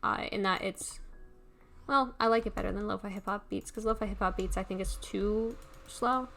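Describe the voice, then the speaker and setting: A woman's voice: medium pitch, fairly even intonation, normal speed, creaky, a bit bright, faint music behind. A woman livestreaming a game, chatting in a rambling, casual way and laughing often. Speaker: livestreamer playing a block-building game. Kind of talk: casual live-stream chatter while playing.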